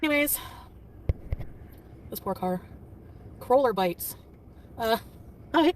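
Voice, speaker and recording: A woman chatting on a casual livestream, quick and defensive, often laughing and snapping back at commenters. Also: on the high side, lively intonation. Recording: distant mic with faint traffic noise.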